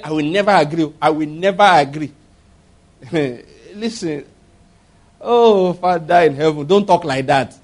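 A man's voice: on the high side, darkish tone. A man preaching a sermon, emphatic and laughing often, acting out little voices as he talks. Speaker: pastor.

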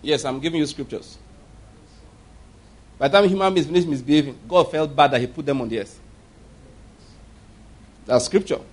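A man's voice: a little high, normal speed, long pauses, husky. A middle-aged man preaching a sermon, telling stories with emphatic repetition. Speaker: pastor.

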